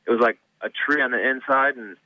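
A man's voice: mid-range voice, fairly quick, sharp tone, dry recording. A man who used to race, calling in and chatting in a laid-back, rambling way. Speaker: phone guest, former racer. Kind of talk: casual phone chat. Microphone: phone. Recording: dull phone-in line.

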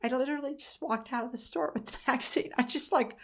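A woman's voice: sits high, fast, fairly bright tone. A middle-aged woman, a mother being interviewed, frankly recounting a personal story in a conversational way. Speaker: interview guest, mother of an autistic son.

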